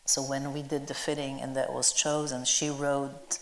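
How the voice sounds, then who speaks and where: Low voiced woman gushing about her design work, lots of "you know"s, echoey hall. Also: flat delivery, normal speed, slight background noise. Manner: chatty, lots of "you know" fillers, enthusiastic. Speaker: costume designer, interview guest. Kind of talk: onstage conversation before an audience. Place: event hall with a live audience. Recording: roomy hall echo.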